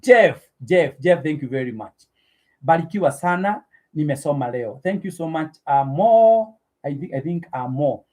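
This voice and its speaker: A man's voice: on the high side, lively intonation, moderate pace, warm tone. A middle-aged Kenyan man hosting a live stream, effusively thanking viewers by name and giving preacher-like blessings.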